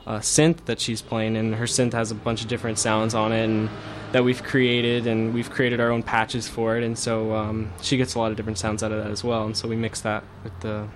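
A man's voice: on the low side, monotone, fairly quick, few pauses. Young male musician, loose rambling interview talk, faint hiss behind. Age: young adult. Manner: rambling, full of fillers and restarts. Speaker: band guitarist and songwriter. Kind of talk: casual interview chat. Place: radio studio.

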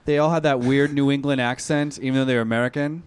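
A man's voice: medium pitch, fairly even intonation, fast, clean tone, dry recording. A man co-hosting an internet radio show, chatting casually with a wry, easygoing manner. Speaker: radio co-host. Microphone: studio mic.

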